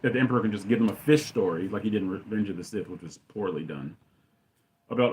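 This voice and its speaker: A man's voice: medium pitch, big pitch swings, fast talker, soft background music. Man ranting fan commentary. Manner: ranting, exclaims loudly. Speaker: channel host.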